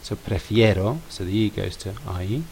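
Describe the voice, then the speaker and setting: A man's voice: fairly low pitch, normal speed, gravelly, darkish tone, a little hiss or hum, poor audio. A man teaching grammar to pupils in a patient way, stressing and repeating words. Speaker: language teacher.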